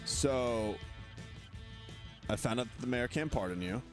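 A man's voice: mid-range voice, a little slow, over music. A man hosting a casual sports chat, riffing and joking with his co-hosts. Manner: riffing, joking, slips into impressions. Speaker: podcast host.

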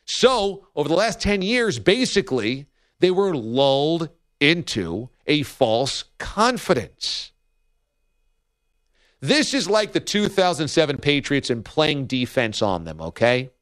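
Animated male sports talk host. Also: on the high side, takes it slowly, dry recording, clean studio sound. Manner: animated, emphatic storytelling with mock quotes. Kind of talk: casual sports radio banter.

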